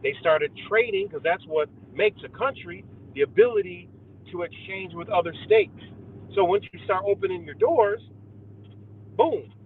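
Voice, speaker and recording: His voice sits high and moves at a moderate pace as this young livestream host rants with heat and profanity about conspiracies, repeatedly calling his viewers guys. The recording sounds tinny and phone-like, with faint car noise.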